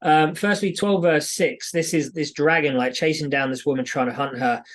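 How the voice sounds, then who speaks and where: A man's voice: on the high side, fairly even intonation, moderate pace, a bit bright. A British man co-hosting a podcast, chatting through Bible passages eagerly with frequent fillers. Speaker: podcast co-host. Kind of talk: casual Bible study chat.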